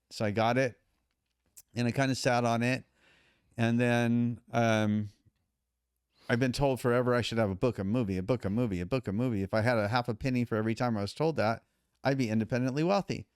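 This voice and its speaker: Smooth-voiced man telling a story. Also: medium pitch, a little fast, dry recording, studio quality. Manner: animated, acts out quotes of others. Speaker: podcast guest. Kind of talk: casual storytelling.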